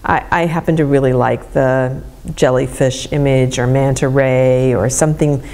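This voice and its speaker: A middle-aged woman guiding a gentle movement lesson in a soft, soothing, unhurried way. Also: very deep voice, fairly even intonation. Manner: soft, slow, soothing instruction. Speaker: movement educator.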